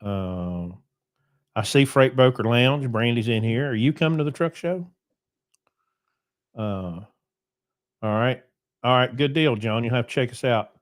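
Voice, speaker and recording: Man, podcast host, loose rambling chat, mid pitch, dry close mic. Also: a little slow, pauses often, no room sound. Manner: loose, rambling, with many ums.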